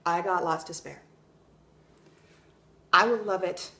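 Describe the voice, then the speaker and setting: A woman's voice: lowish voice, slow pace, bright, forceful tone. A young adult woman vlogging in a casual, blunt way, swearing freely and telling stories with energy. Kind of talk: casual opinion vlog.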